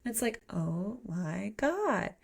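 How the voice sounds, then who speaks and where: A woman co-hosting a book podcast retells the plot in casual chat, animatedly acting out the characters' lines and swearing along the way. Her mid-range voice is slow, with vocal fry and a breathy edge.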